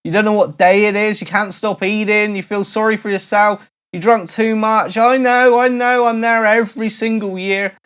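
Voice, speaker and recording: A man's voice: high voice, little pitch movement, moderate pace, fairly bright tone. A middle-aged man from Cornwall, a DJ and vlogger chatting casually and jokingly to his followers, full of playful asides. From Cornwall, England. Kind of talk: casual comedic vlog chat.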